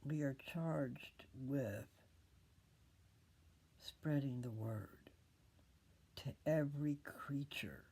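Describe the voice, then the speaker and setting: An older woman hosting a casual scripture talk, rambling, pausing often and drifting into whispers. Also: very deep voice, mellow, breathy edge. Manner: rambling, pauses often, loses her train of thought. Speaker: video host reading scripture.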